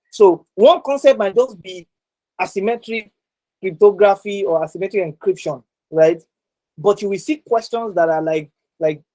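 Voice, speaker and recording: A man's voice: high-pitched, darkish tone, rough recording. An instructor running a live online exam-prep session, a man speaking over a video call. He circles back to repeat his key points. He keeps checking in with his listeners with "right?".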